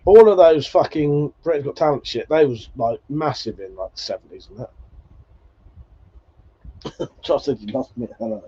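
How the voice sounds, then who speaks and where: A man's voice: medium pitch, moderate pace, long pauses, warm tone, a little hiss or hum. Chatty man, swearing, dull audio. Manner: chatty, swears often, laughs between remarks. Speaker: livestream host. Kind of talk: casual chat reading viewer comments.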